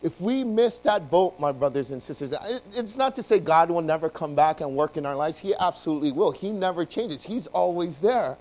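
A man preaching a sermon to his congregation, telling the story in an animated way and acting out the voices. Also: fairly high pitch, normal speed, hardly any pauses, rough recording. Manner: addresses congregation directly. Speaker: pastor.

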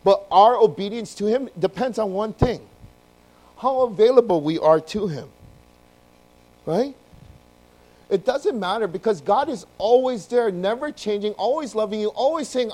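A man preaching a sermon to his congregation, telling the story in an animated way and acting out the voices. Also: high-pitched, moderate pace, low-quality recording. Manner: addresses congregation directly. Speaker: pastor.

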